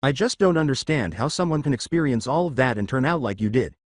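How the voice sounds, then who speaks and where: A gentle tribal mother from a fan-made story, read by a man. She speaks softly and plainly, her pitch rising and falling a lot. The recording is dry. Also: expressive, fast, no echo, lightly acted. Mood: sad.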